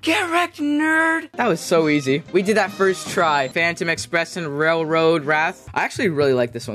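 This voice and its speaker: Excitable young man yelling over gameplay. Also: a little high. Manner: excitable, jokey, yells when losing. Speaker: gaming video host. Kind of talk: gameplay commentary.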